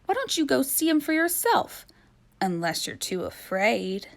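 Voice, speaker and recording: A woman's voice: a little high, very animated, measured pace, creaky, pitched above the performer's own voice, full character voice. A woman voicing a young female ghost friend who taunts and dares, storybook reading. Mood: taunting.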